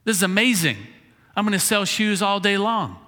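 A man's voice: high-pitched, normal speed, sharp tone. A male pastor telling a story in a sermon, casual and chuckling, acting out the lines of the people in his story. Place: church sanctuary. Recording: reverberant church hall.

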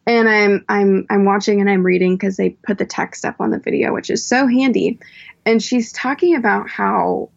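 This is a woman chatting as a podcast guest, telling her stories with quick, rambling asides. Her voice has a strong gravelly fry and a husky edge. The recording sounds dull and lo-fi. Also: mid-range voice. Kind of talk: casual chat.

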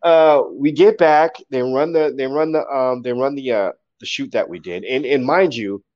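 A man, a poet, telling stories casually in an interview, animated and acting out quotes. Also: mid-range voice, normal speed, highs cut off.

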